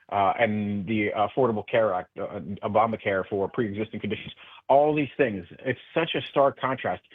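A man's voice: on the low side, no echo. A man speaking as a guest in a radio interview by phone, passionate and earnest, with many restarts. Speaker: political guest. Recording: tinny phone line.

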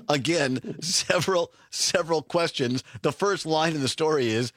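A man's voice: fairly high pitch, slow pace, fairly bright tone, no room sound, clean studio sound. A man hosting a podcast, chatting casually, laughing and often saying "I mean". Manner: giggly, keeps saying "I mean". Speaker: podcast host. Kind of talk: casual chat.

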